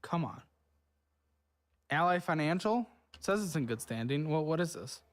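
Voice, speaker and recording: A man's voice: fairly high pitch, animated, normal speed. A man hosting from a studio, harshly berating a guest over her spending in a profane, scornful tirade. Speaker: host. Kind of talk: berating financial review.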